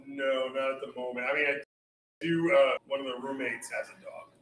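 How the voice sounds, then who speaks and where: A man's voice: mid-range voice, steady tone, moderate pace, fairly bright tone. A man who runs the bar, giving short, laid-back answers in casual conversation. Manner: laid-back, brief replies. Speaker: bar owner. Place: meadery bar. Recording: roomy echo with faint ambience.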